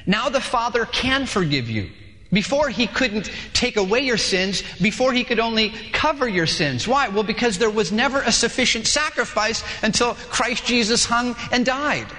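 A male pastor preaching a sermon in a lively way, acting out dialogues in different voices, in a large church hall. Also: very high voice, moderate pace. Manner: animated, acts out dialogues with shifting voices. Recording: long hall reverb.

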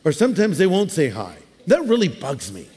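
A man preaching a sermon in a relaxed, conversational way, mixing scripture with humorous everyday asides. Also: on the high side, brisk. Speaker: pastor. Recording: long hall reverb.

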